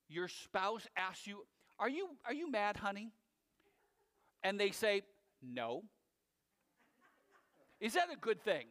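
Male pastor, conversational sermon with asides, echoing hall. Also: sits high. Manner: animated, conversational preaching with asides to the audience.

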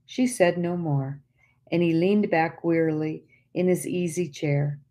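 A woman reading an audiobook aloud in a soft, tender, measured way. Her voice sits low and mellow, and she takes her time over every phrase. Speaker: audiobook narrator.

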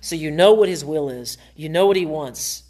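A man's voice: a little high, moderate pace, darkish tone. Earnest man preaching a sermon. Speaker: pastor. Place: church sanctuary.

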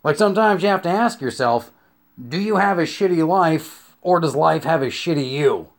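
A man's voice: a little high, expressive, normal speed. A young adult man giving a comedic rant that is profane and rambling, full of stammered restarts and acted-out scenes.

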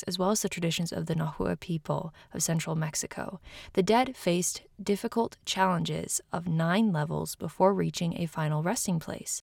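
A woman's voice: fairly low pitch, creaky, no room sound, studio quality. A woman hosting a podcast, reading a scripted narration with friendly, self-deprecating asides. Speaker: podcast host.

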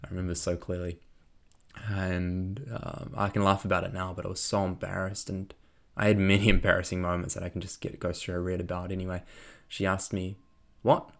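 A young man telling a personal story in a reflective way, laughing often and filling pauses with lots of ums. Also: low-pitched, completely flat delivery, creaky, a bit bright.

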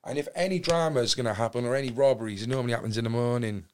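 A man from Cardiff with a Welsh accent, a podcast guest telling a long story in an animated, rambling way with lots of fillers, restarts and swearing. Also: medium pitch, rapid-fire, slight background noise. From Wales. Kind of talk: casual storytelling in a podcast interview.

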